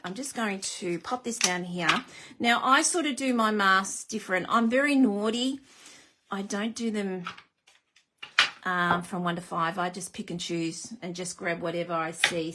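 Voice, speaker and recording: A woman's voice: medium pitch, background noise. A woman hosting a live card-making demonstration, chatty and self-deprecating, greeting viewers as she works. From Australia.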